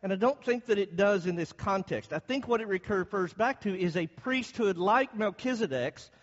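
A man's voice: high-pitched, animated, moderate pace, in a large hall, muffled recording. A man preaching a Bible class, explaining the text and asking his listeners questions as he goes. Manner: asks the audience questions as he explains.

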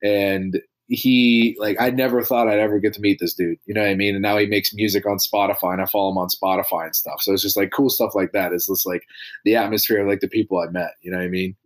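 Speaking quickly in a fairly low, steady voice, a young podcast guest from small-town Ohio chats casually. His storytelling wanders and is packed with filler words.

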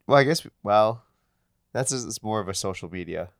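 Podcast co-host, man with a very low voice and a stuffy nose, rambling chatter, dry close sound. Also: lively intonation, moderate pace, no echo. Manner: rambling, filler-heavy. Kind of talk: casual chat.

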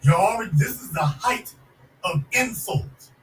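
A man's voice: high-pitched, lively intonation, measured pace, a bit bright, roomy sound, distant mic, slight background noise, rough recording. A man hosting a podcast, giving a fiery, sarcastic political commentary monologue and hammering points home by repeating them. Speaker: podcast host.

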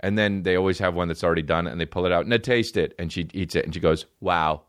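A man's voice: sits low, rapid-fire, no echo, clean studio sound. A man hosting a comedy podcast, riffing profanely through a rambling monologue and jumping between bits.

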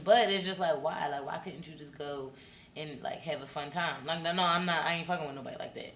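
A fast-talking woman in her late twenties with a bright, sharp voice, chatting passionately and swearing freely. She is picked up from a distance in an echoey room, with a faint hiss behind her. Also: deep voice. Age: late 20s. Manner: animated, passionate, profane, acts out quotes. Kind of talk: casual chat.

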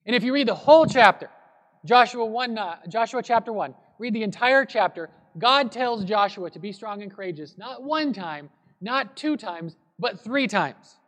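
High-voiced pastor in a reverberant hall. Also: male voice, normal speed. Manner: relaxed, conversational storytelling. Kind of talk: sermon.

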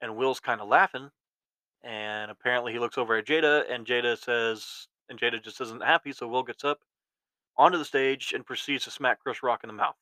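A young man in his twenties talks through the news as a podcast host, rambling and restarting his sentences often. His voice is bright and forceful, recorded dry and close with no room sound. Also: mid-range voice, fairly even intonation, a little fast, dry recording, rough recording. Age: 20s. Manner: rambling, many restarts and ums. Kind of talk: casual commentary.

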